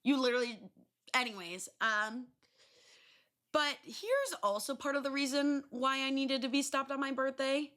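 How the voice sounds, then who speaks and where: A young adult woman hosting a podcast, telling stories in a loose, animated way, swearing freely and filling pauses with ums and likes. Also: sits high. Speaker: podcast host. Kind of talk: casual solo storytelling.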